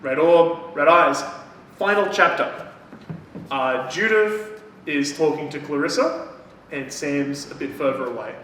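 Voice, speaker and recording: A man with a somewhat high voice recaps a book in casual conversation and swears freely. He sounds far from the mic in a very echoey room with faint noise behind him. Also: measured pace, long pauses, bright, forceful tone. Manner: profane, retells plot acting out characters' lines. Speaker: podcast co-host. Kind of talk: casual book-review chat.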